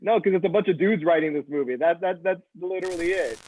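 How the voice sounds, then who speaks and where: A man's voice: high-pitched, quick pace, darkish tone. A young man co-hosting a casual movie review chat, often stammering and repeating his words. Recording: dry, phone-like sound.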